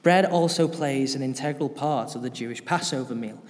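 A man's voice: mid-range voice, moderate pace, long reverb tail. A man preaching an informal sermon in a church, chatty and often putting questions to the congregation.

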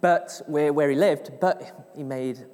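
Lively storytelling preacher, hall reverb. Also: male voice, a little high, slow. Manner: lively storyteller, acts out voices, laughs often. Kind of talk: sermon with storytelling.

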